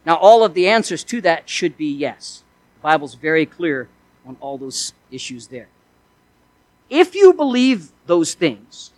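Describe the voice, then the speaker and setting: A man's voice: high-pitched, no echo, rough recording. A male pastor preaching a sermon in an earnest way, asking his listeners one rhetorical question after another.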